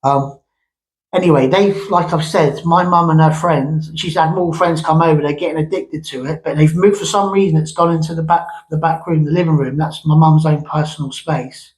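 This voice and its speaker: A man's voice: fairly high pitch, steady tone, moderate pace, poor audio. A man telling a long ghost story from his past in a rambling, conversational way, with many restarts and asides. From England. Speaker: vlogger.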